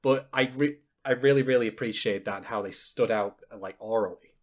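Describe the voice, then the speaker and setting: A man co-hosting a casual podcast, talking in an animated, jokey way with exaggerated mock reactions. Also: on the low side, brisk. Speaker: podcast co-host.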